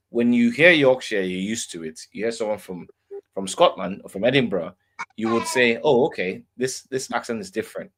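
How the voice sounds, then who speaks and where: A man co-hosting a podcast, arguing his side with hesitant, stammering restarts. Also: mid-range voice. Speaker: podcast co-host. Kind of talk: casual debate chat.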